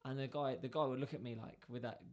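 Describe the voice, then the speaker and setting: A man tells a long story in relaxed conversation. His voice sits at a middle pitch. He acts out the exchanges with lively back-and-forth dialogue. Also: quick pace. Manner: animated, acts out both sides of dialogue. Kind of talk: casual storytelling.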